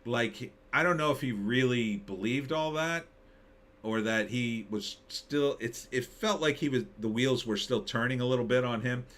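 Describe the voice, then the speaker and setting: A man's voice: mid-range voice, normal speed, a bit bright. A man hosting a casual live stream, reading chat and joking sarcastically. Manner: sarcastic, jokey, mocking impressions.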